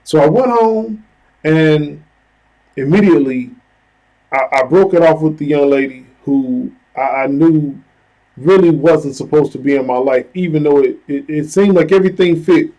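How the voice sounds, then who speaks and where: A man's voice: fairly high pitch, normal speed, rough recording. A man vlogging, telling a personal story in an earnest, conversational way, full of "you know" and "like". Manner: conversational, heavy use of "you know" and "like" fillers; earnest, retelling a story with lively asides.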